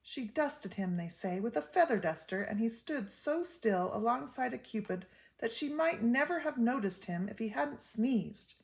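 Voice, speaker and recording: A woman's voice: fairly high pitch, lively intonation, moderate pace, creaky, few pauses. An older woman voicing an anxious, fussy mother who tells gossip with emphatic exclaims, in a storybook reading. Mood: gossipy.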